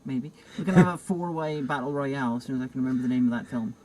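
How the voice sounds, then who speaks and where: A man's voice: medium pitch, fast talker, darkish tone, a little hiss or hum, low-quality recording. A man hosting a casual film review chat, riffing in a rambling, sardonic way. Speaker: host film critic.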